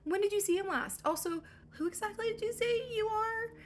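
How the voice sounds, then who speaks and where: A woman's voice: very animated, normal speed, gravelly, full character voice. A woman doing a fretful, grieving old father. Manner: high fretful parody in slang.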